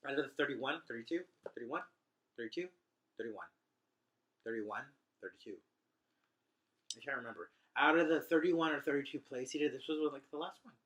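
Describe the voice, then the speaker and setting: A man's voice: medium pitch, fairly quick, pauses often, fairly bright tone. A man casually retelling a play for laughs, rambling and chatty with slangy asides. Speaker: host.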